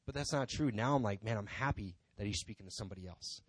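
A man's voice: on the low side, fast, dry recording. Man rambling through a church testimony. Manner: rambling and conversational, many "you know" asides. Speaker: church member speaking from the pulpit. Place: church sanctuary.

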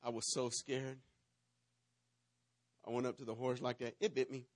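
A man's voice: medium pitch, level tone, moderate pace. A man preaching a sermon, telling a playful, dramatic story and acting out the parts. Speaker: pastor.

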